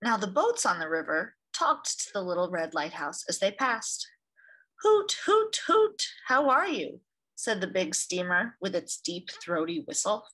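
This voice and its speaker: A woman hosting storytime, reading a picture book aloud to children in an expressive, gentle way. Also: fairly low pitch, moderate pace, hardly any pauses. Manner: gentle, expressive reading with lively voices for sounds.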